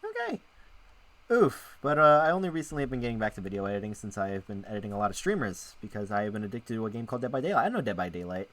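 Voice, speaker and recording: A man's voice: on the low side, big pitch swings, rapid-fire, a bit bright. Rambling chatty male streamer. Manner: rambling, self-interrupting, chats with viewers. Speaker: streamer and VTuber. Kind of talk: casual live-stream chat while playing a visual novel.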